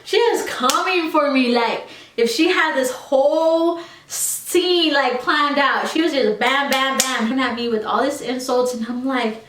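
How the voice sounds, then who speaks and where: Young woman rambling through a storytime, kinda high voice, lots of likes and ums, echoey room, sounds a bit far from the mic. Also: unhurried, fairly bright tone, a little hiss or hum. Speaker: beauty vlogger. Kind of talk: storytime vlog. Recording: roomy echo, voice a little off-mic.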